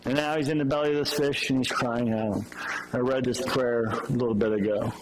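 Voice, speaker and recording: A man's voice: mid-range voice, fairly even intonation, fairly quick, background noise. A male pastor preaching a sermon, retelling a Bible story in a loose, storytelling way with restarts and asides.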